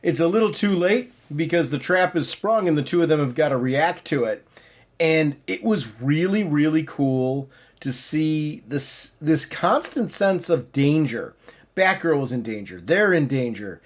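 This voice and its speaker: Male podcast co-host, casual chat, slightly high voice, eager and rambling. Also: lively intonation, unhurried. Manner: enthusiastic, rambling, many restarts.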